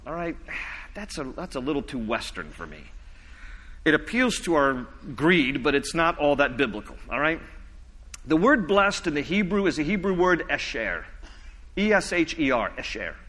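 Bright-voiced pastor preaching in a hall. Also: male voice. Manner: teaching, reads scripture slowly, drops low and soft for emphasis. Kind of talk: sermon.

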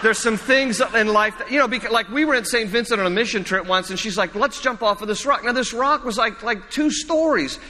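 A man's voice: high-pitched, brisk, hardly any pauses, bright, forceful tone, slight background noise. A male pastor preaching a sermon in a church, conversational and repetitive, mixing humor and personal stories. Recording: reverberant church hall.

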